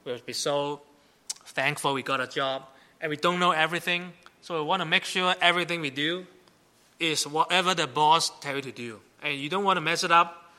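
A middle-aged pastor preaches with a fairly high, bright voice and forceful tone at a moderate pace. His sermon is chatty and conversational, and he keeps checking in with the congregation by asking "right?"

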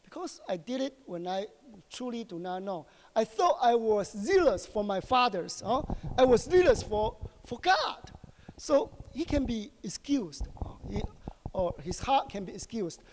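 High-voiced preacher in a reverberant hall. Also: male voice, big pitch swings, slight background noise. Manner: asks the congregation short questions, halting with many fillers. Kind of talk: sermon.

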